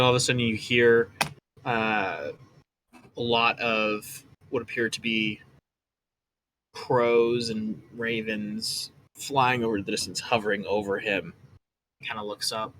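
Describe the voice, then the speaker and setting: Bright-voiced man running a tabletop game. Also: lowish voice, fairly even intonation, measured pace, slight background noise. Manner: loose, searching, with many fillers. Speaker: game master.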